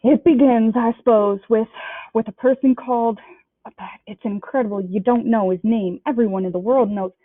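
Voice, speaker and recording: A huge, gruff but kindly male giant blusters along in a rustic dialect, as a woman reading a storybook acts him out. The voice sounds thin and boxy, and the sound is dry and close. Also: fairly high pitch, steady tone, normal speed, no room sound, close to an everyday voice. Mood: worried. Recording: dry, tinny phone-like sound.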